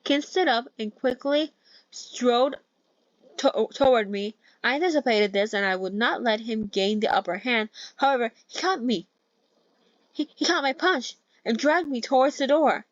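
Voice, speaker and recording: A woman's voice: on the high side, moderate pace, no echo, highs cut off. A young woman casually reading a novel aloud, breaking in with swearing jokes and corrections. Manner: joking asides, swears, self-corrects. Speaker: novel reader. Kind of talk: casual novel read-along with commentary.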